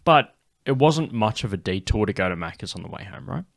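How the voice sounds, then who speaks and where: A man's voice: on the low side, animated, brisk, creaky, no echo, studio quality. Swearing Australian man telling stories. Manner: swears a lot, laughs often, rambling anecdotes. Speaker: podcast host. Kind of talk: casual podcast chat, storytelling.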